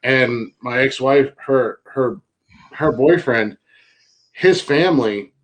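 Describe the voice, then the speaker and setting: A man's voice: medium pitch, expressive, slow, rough recording. A middle-aged man hosting a podcast in casual chat, wry and laid-back, swearing and reading out news stories. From Johnstown area, Pennsylvania. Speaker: podcast host.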